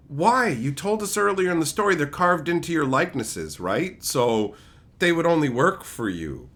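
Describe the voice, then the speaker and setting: Young male streamer, bright and lively, with mocking, profane rant commentary. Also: on the high side, moderate pace. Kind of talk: ranting commentary.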